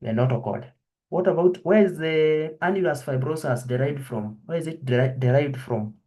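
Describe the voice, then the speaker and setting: A man's voice: a little high, moderate pace, warm tone. A man giving an anatomy review lesson, quizzing his students and repeating each question and answer. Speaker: anatomy lecturer. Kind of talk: online histology review lesson.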